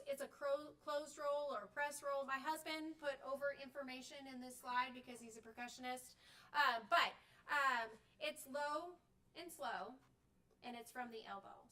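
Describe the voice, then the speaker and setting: A woman's voice: high-pitched, sharp tone, far from the mic. A middle-aged woman leading a live workshop demonstration, explaining step by step and checking in with "okay?" and "right?" after each point. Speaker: clinician teaching band directors. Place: workshop room. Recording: voice from off the mic.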